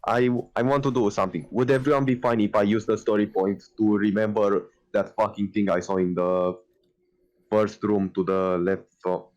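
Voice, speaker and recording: A man playing a tabletop game, eager and a little halting. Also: on the low side, steady tone, a little mellow, dull audio. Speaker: player. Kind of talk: casual tabletop play.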